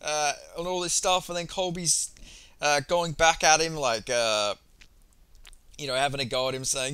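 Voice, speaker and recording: A young man talks through a fight press conference in a loose, rambling vlog, swearing often and getting worked up. His voice sits a bit high and sounds bright and forward. The recording is dry and close. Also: normal speed, clean tone, no room sound. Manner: excitable, profane, rambling with many fillers. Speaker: MMA commentary vlogger. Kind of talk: casual recap monologue.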